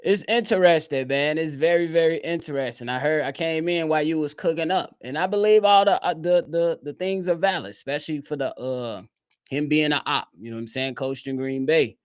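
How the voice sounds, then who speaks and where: A man calling in to a sports show, talking in a relaxed, slangy way as he thinks out loud. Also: on the high side, a little fast, smooth, dry recording, studio quality. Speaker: guest caller. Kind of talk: casual sports talk.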